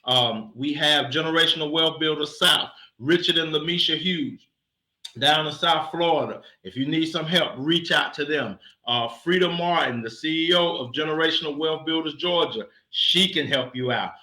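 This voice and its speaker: A man in charge of an insurance agency talks straight to his audience in a folksy, preachy way, dropping casual asides as he pushes his point. His voice is fairly high and very bright. The room around him gives it a clear echo. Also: moderate pace. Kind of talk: casual sales pitch to camera.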